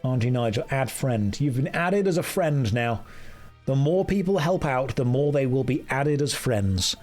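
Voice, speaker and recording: A man's voice: mid-range voice, animated, moderate pace, darkish tone, faint music behind. Joking man streaming a game. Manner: joking, dry, self-mocking. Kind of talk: casual live-stream chat.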